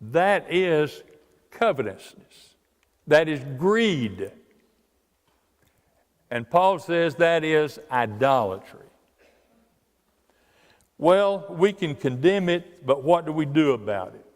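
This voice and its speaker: Slow, deliberate preacher in a reverberant church. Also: male voice, fairly high pitch, sing-song. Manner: slow, deliberate storytelling with drawn-out emphasis. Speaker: guest preacher. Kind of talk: sermon. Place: church sanctuary.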